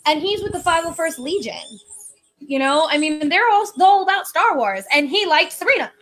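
A woman's voice: very high voice, lively intonation, normal speed, fairly bright tone, a little hiss or hum. A woman hosting a podcast in casual chat, chatty and enthusiastic, laughing often. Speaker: podcast host.

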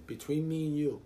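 A man's voice: a little high, mellow, slight background noise. A young man, hosting a casual solo podcast and ranting in a loose, profane, rambling way. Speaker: podcast host.

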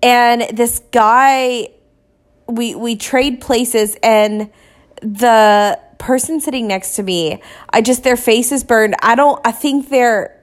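A woman with a somewhat high voice tells a personal story. She sounds candid and confessional, with many fillers and restarts, and briefly plays out what each person said. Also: takes it slowly. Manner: acts out short quoted exchanges in her telling. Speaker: podcast storyteller.

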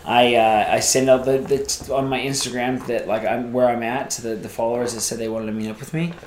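A man telling a casual story as a podcast guest, rambling and animated, acting out the voices of people he quotes. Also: medium pitch, a little fast, echoey room, slight background noise.

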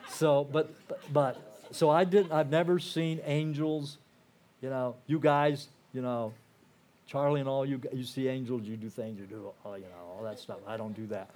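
An older man shares his testimony with a church crowd in a loose storytelling way. His pitch sits in the middle, and he keeps restarting his sentences and filling gaps with "you know". He grows quiet and earnest at the heavy moments. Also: little pitch movement, moderate pace. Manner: earnest and emotional, dropping softer at heavy moments. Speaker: guest speaker sharing his testimony. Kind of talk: personal testimony told to a church audience.

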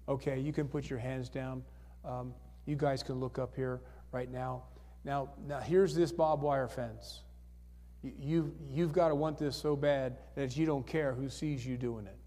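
With a mid-range voice and a dark tone, a male pastor runs an altar call in a church sanctuary. He coaxes the congregation forward, repeating his questions and calling for hands time after time, under reverberant church acoustics.

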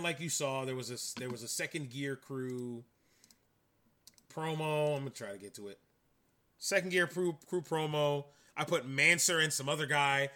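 Male podcast co-host, casual and enthusiastic, bright tone, pitched a bit high. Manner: rambling, enthusiastic. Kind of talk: casual chat.

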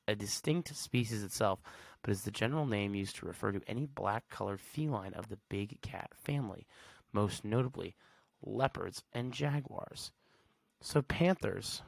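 A man's voice: mid-range voice, gravelly, dry recording. A man hosting a solo podcast in a casual, slangy way, reading facts aloud and reacting with blunt verdicts. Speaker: podcast host.

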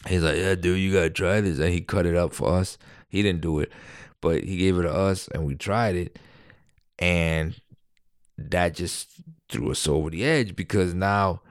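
New man, deep, dry close recording, rambling casual storyteller who swears. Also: normal speed, clean tone, dry recording. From New York. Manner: rambling, animated, swears freely.

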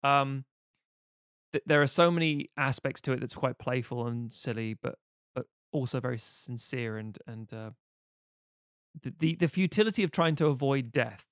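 A man's voice: medium pitch, normal speed, fairly bright tone, dry recording, clean studio sound. A man chatting casually as a podcast co-host, rambling, profane and jokey as he recaps a film.

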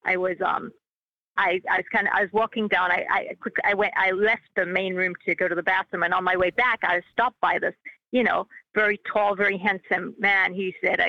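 A woman's voice: mid-range voice, steady tone, fairly quick, creaky, dry recording, highs cut off. A woman being interviewed, answering hesitantly with many fillers and restarts. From Australia. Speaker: filmmaker and actress guest.

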